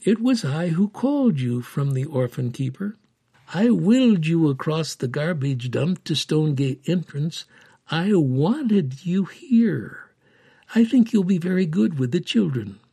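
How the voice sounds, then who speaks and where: A tender, soothing caretaker woman from a storybook, as a man voices her. Low, dark and a bit gravelly, spoken slowly. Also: lively intonation, no room sound, exaggerated voice. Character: kind, gentle older woman caretaker.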